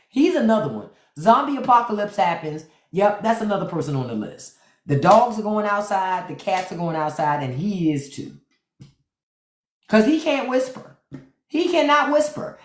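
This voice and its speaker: A woman hosting a casual livestream from home, telling playful stories with excited outbursts, speaking. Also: medium pitch, echoey room. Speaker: livestream host.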